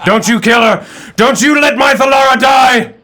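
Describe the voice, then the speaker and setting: A man's voice: extremely high pitch, moderate pace, voice pushed up. A man voicing a frantic tribal chieftain who bellows desperate pleas in a game. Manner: bellowing, pleading shouts.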